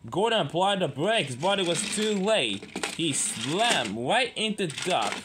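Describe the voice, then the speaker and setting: A man narrating a homemade toy-train story in a rambling, halting way. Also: high-pitched, very animated, background noise.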